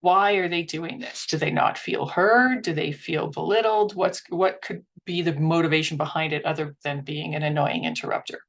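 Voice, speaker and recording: A woman's voice: deep voice, steady tone, normal speed, hardly any pauses. A woman presenting a workshop in an earnest, instructional way, acting out inner thoughts as she teaches.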